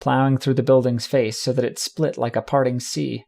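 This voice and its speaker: A man reading a first-person fan fiction audiobook with steady, dramatic storytelling. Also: mid-range voice, normal speed, gravelly. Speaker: audiobook narrator.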